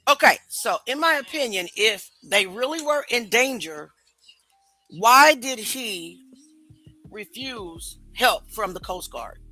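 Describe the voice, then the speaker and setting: A woman's voice: fairly high pitch, expressive, slow, sharp tone, faint music behind, rough recording. A woman hosting a casual commentary stream, questioning what she hears and asking viewers what they think. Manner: skeptical, rhetorical questions to viewers. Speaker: commentary show host.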